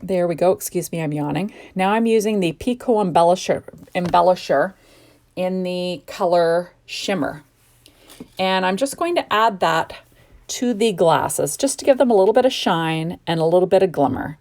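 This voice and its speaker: A woman's voice: lowish voice, expressive, moderate pace, darkish tone. Sleepy, gushing woman crafter. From Canada. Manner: chatty and gushing, rambling asides. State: sleepy, yawning. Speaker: card-making crafter. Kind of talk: casual crafting tutorial narration. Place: home craft desk.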